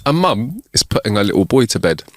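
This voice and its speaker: A man co-hosting a comedy podcast, telling jokes with unhurried setups. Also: lowish voice, big pitch swings, no room sound. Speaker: podcast co-host. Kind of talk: casual chat, telling jokes.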